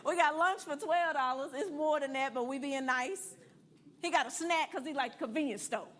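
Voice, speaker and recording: A woman's voice: sits high, normal speed, a bit bright. A woman teaching a church money class, blunt and playful, quizzing and coaching the room. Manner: blunt, playful, preachy, calls and asks the room.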